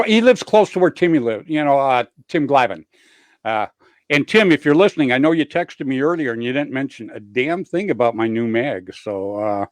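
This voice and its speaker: A man hosting a casual online show, rambling and laughing as he gives shout-outs to friends. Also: mid-range voice, dry recording. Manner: rambling, laughing, swears freely. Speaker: host. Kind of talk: casual chat.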